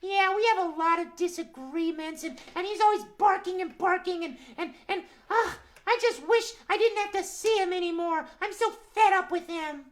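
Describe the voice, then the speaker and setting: A woman voicing a fretful young house cat in a children's puppet show, complaining in a high, fed-up voice. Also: normal speed, hardly any pauses. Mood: frustrated.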